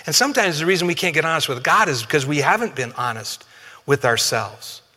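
A man preaches in a bright, fairly high voice, talking to his congregation in a relaxed way with some humor. His words ring out under the long reverb of a church hall. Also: brisk. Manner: conversational, humorous, addresses congregation directly. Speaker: pastor. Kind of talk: sermon.

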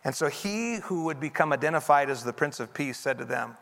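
Male pastor, bright slightly high voice, earnest sermon delivery, long hall reverb. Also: animated, fairly quick, vocal fry. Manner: earnest, leads congregation in repeated reading. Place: church sanctuary.

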